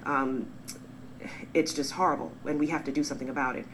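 A woman's voice: rumbling low, a little fast, a little hiss or hum, low-quality recording. A woman in her forties talking straight to the camera, answering critics. She speaks earnestly and defensively, stressing key words. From born in England, raised in the US. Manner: earnest, defensive, animated emphasis. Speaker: vlogger, pediatrician. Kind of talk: direct-to-camera response video.

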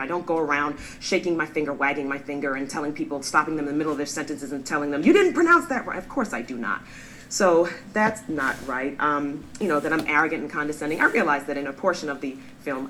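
A woman's voice: a bass voice, a little hiss or hum, low-quality recording. A woman in her forties talking straight to the camera, answering critics. She speaks earnestly and defensively, stressing key words. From born in England, raised in the US. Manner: earnest, defensive, animated emphasis. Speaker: vlogger, pediatrician. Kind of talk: direct-to-camera response video.

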